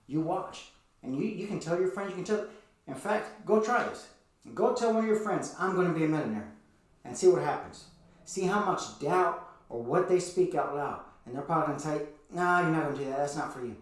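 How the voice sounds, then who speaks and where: A man with a slightly high voice delivers a motivational teaching talk, full of earnest, repeated rhetorical questions. He sounds set back from the microphone, and a strong echo fills the room around him. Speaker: motivational speaker. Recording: very echoey room, voice from a distance.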